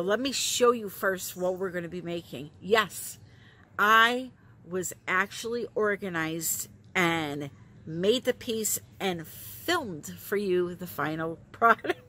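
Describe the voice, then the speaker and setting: A woman with a light New England accent talks viewers through a resin art project. Her delivery is slow and unhurried, chatty and upbeat, and she laughs easily at herself. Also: mid-range voice, pushed and bright, slight background noise. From northeastern United States. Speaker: resin art channel host. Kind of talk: casual craft tutorial.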